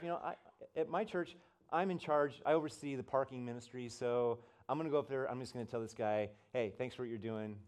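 A middle-aged male pastor preaches through a personal story in a medium voice. He stumbles and repeats words as he goes, and he lifts his voice high and loud when the story peaks. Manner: animated storyteller, voice rises high and loud at the climax; restarts and repeats words often. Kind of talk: sermon storytelling.

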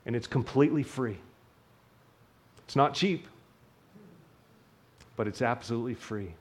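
An earnest man preaches to his congregation, his voice at an ordinary middle pitch. He swells with emphasis on key points, then sinks to a gentle, quiet delivery. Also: measured pace. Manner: earnest, builds up then drops to a soft hush. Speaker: pastor. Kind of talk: sermon.

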